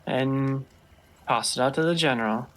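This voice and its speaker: A man playing a tabletop game, speaking in a tentative, unhurried way. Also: mid-range voice, fairly bright tone, a little hiss or hum. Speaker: player. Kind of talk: casual tabletop role-play.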